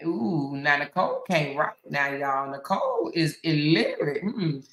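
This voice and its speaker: A woman's voice: sits low, very animated, measured pace, hardly any pauses, roomy sound, low-quality recording. A woman hosting a casual commentary stream, reading viewer comments aloud in a sassy, mocking way and laughing often. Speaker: host.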